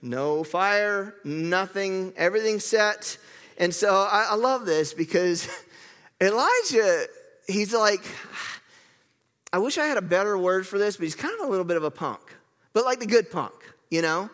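A man's voice: high voice, lively intonation, measured pace, fairly bright tone, long reverb tail. A man preaching a sermon, telling the story in a playful, chatty way and asking the crowd questions.

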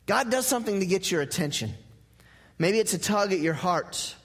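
A man's voice: sits high, expressive, normal speed, breathy edge, in a large hall. A male pastor preaching a sermon in a church, conversational and joking, repeating his key phrases. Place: church sanctuary.

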